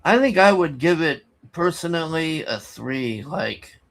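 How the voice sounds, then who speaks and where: Man, unhurried, rambling movie recap full of restarts and sighs. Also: fairly high pitch, animated, a bit bright. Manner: rambling, halting, many restarts and fillers; exasperated, sighing. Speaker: movie reviewer. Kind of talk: casual spoken movie recap.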